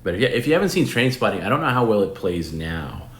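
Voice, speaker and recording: Deep-voiced man rambling in a roomy space. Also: sing-song, quick pace, fairly bright tone. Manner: rambling, restarts sentences, casual swearing. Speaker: host. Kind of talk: casual live-stream chat answering viewers. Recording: roomy with faint background noise.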